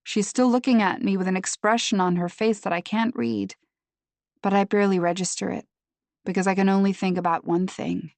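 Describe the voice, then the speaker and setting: A woman reading a mystery novel aloud in first person, steady and measured, close to the microphone. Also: mid-range voice, dry recording. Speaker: audiobook narrator.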